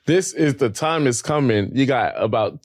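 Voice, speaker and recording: A man's voice: medium pitch, normal speed, no room sound, studio quality. A man hosting a podcast in casual chat, brash, blunt and joking. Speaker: podcast host.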